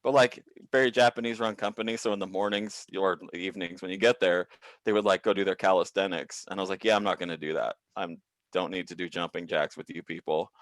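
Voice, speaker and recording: A man, a comedian, telling a workplace story over a video call, acting out the people in it with big pitch jumps and plenty of swearing. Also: quick pace, no echo. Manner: animated, profane, acts out quoted people with big pitch jumps. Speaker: comedian guest. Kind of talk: comic storytelling.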